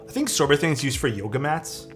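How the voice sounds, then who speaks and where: Faint music plays as a young streamer works on a keyboard and chats with viewers, answering their messages. He speaks a little fast in a higher voice, very animated, with loose, filler-heavy talk.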